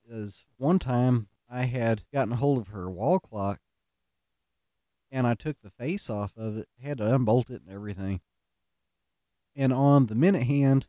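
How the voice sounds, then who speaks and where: A man's voice: medium pitch, mellow, dry recording, clean studio sound. A middle-aged man, telling stories in a folksy, self-mocking way and laughing at his own pranks. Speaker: podcast host. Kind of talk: casual storytelling monologue.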